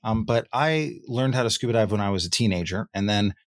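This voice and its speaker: A man hosting a podcast, telling relaxed anecdotes in casual conversation. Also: lowish voice, brisk, dry recording, clean studio sound. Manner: relaxed, anecdotal, filler-heavy. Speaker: podcast host.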